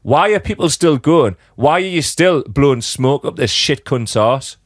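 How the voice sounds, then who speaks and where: A man's voice: on the high side, expressive, a little slow, dry recording, studio quality. Sweary Geordie man ranting. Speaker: podcast host. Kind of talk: casual chat.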